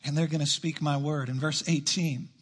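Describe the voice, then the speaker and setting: A man preaching a sermon to his church, emphatic, rushing through asides and slowing down to stress key lines. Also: on the high side, fairly even intonation, husky. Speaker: pastor. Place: church sanctuary.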